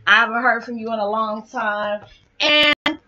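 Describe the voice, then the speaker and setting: A woman's voice: fairly high pitch, level tone, fairly quick, bright, forceful tone. A young woman vlogging heartfelt spiritual encouragement to her viewers, hyper and rambling, close to tears at times. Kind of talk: heartfelt motivational talk to viewers. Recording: slightly dull lo-fi sound with faint background music.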